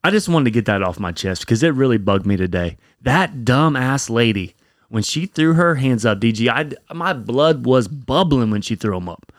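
A young man, a podcast co-host, telling a story in casual chat, animated and profane. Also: mid-range voice, normal speed, no echo, clean studio sound.

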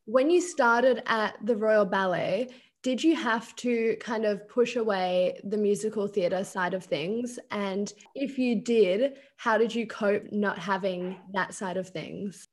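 A woman hosting a casual interview, asking friendly questions and agreeing warmly. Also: medium pitch, measured pace. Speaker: podcast host.

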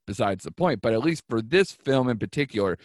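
A man hosting a casual film review chat, digressive, with quick laughing asides. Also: mid-range voice, expressive, dry recording, clean studio sound. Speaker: podcast host.

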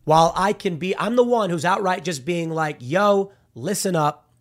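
A man giving casual, argumentative opinion commentary with a slangy, animated way of talking. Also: sits high, fairly quick.

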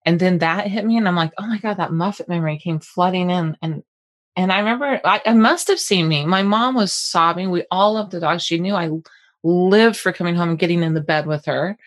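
A woman's voice: on the low side, a little fast. A middle-aged woman co-hosting a podcast, telling a personal story in casual, rambling chat with many restarts. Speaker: podcast co-host.

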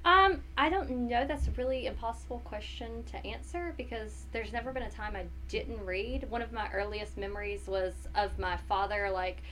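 A woman's voice: on the high side, normal speed, hardly any pauses, a little hiss or hum, low-quality recording. A woman in her thirties with a North Carolina accent, a guest chatting casually and expressively on a podcast. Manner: chatty and expressive, many fillers. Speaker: guest, former middle school teacher.

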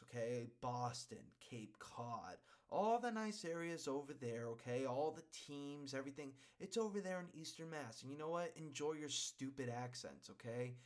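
A man's voice: medium pitch, expressive, normal speed. A man from Western Massachusetts hosting his own podcast, rambling and worked up, tagging his points with "okay?". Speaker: podcast host. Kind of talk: casual solo podcast chat.

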